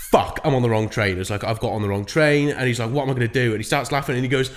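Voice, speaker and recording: A man's voice: medium pitch, very fast, few pauses. A young man, co-hosting a podcast and telling a long story in a casual, rambling way with plenty of swearing. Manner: rambling, swears freely, acts out voices in his stories. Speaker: podcast co-host.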